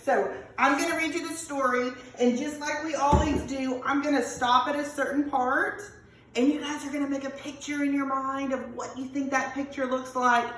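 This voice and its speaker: A woman's voice: high-pitched, fairly even intonation, moderate pace, fairly bright tone, a little hiss or hum. A woman teacher with an American accent, reading a picture book aloud to her class in an upbeat, encouraging way. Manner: upbeat, encouraging, self-correcting. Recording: echoey classroom from far off.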